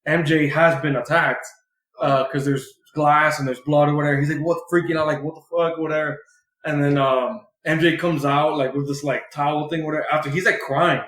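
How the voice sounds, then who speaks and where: In a roomy, echoey room, a man co-hosting a podcast recaps a comic book casually, rambling with lots of filler and swearing freely. His voice is fairly high, fairly quick, a bit bright, with fairly even intonation.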